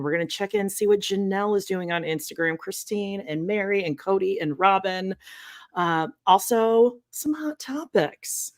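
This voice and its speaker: A woman co-hosting a pop culture podcast in casual chat, talking in a chatty, self-deprecating way over a video call. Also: medium pitch. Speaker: podcast co-host.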